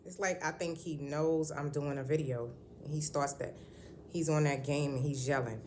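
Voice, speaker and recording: A woman's voice: deep voice, steady tone, normal speed, a little mellow, slight background noise. A woman at home talking to her channel in a casual vlog, rambling and candid with lots of ums and restarts. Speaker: vlogger. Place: at home indoors.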